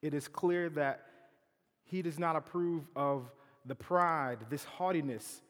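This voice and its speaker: A man preaching a sermon in a campus chapel, swinging from loud emphatic quotes to soft asides. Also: mid-range voice, moderate pace. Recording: long hall reverb.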